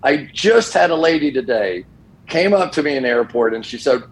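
A middle-aged man chats as a guest on a sports show. He spins animated anecdotes, and his voice climbs sharply each time he acts out what others said. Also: medium pitch, normal speed, poor audio. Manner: animated, voice jumps when quoting people. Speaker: football broadcaster guest. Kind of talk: casual storytelling.

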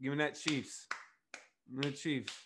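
A man's voice: mid-range voice, steady tone, normal speed, background noise. A young man co-hosting a podcast, talking loosely with lots of fillers and swearing. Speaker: podcast co-host. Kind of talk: casual chat.

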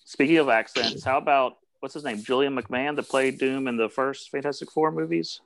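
A man's voice: mid-range voice, fairly even intonation, a little fast. A man co-hosting a podcast, chatting casually with a hesitant, apologetic manner. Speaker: podcast co-host. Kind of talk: casual chat.

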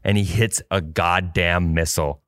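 A man's voice: deep voice, fairly even intonation, normal speed, a bit bright, no echo, studio quality. A man co-hosting a podcast, telling a long rambling story in casual chat and swearing freely. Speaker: podcast co-host.

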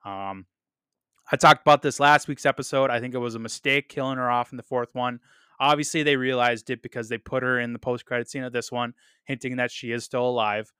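Bright, crisp-voiced man gushing about films. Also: medium pitch, steady tone, fairly quick, dry recording, clean studio sound. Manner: enthusiastic, lots of fillers and repeats, trails off quietly. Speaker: podcast host reviewing films. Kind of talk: casual solo podcast commentary.

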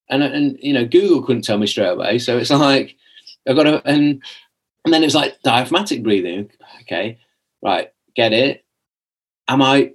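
This young man's voice is mid-range and slightly rough, running a little fast as he wanders through a personal story as a podcast guest. He keeps starting over, says "like" a lot, and voices what he once said.

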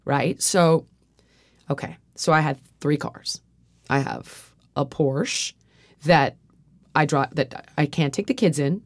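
A woman's voice: sits low, slow, pauses often, dry recording. Candid, profane woman podcast host. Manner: candid, profane, rambling storytelling; frequent fillers and restarts. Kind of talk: casual podcast chat.

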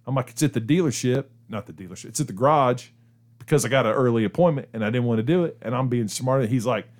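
A man's voice: medium pitch, fast talker, darkish tone. A middle-aged man hosting a radio show, telling a story in casual chat and laughing as he goes. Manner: chatty, laughs through his stories.

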